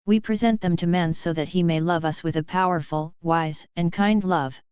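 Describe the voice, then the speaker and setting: A woman giving a slow, measured devotional reading in an even recitation. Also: on the low side, clean tone, dry recording. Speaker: reader of devotional writings. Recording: dull lo-fi dry recording.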